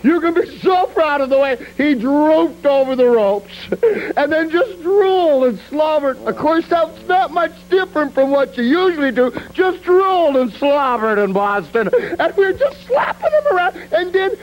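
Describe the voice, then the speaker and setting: Man, wrestling promo, taunting, high voice, very lively pitch. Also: normal speed, poor audio. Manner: taunting, sneering, mocking; laughs and shouts between lines. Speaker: pro wrestler cutting a promo.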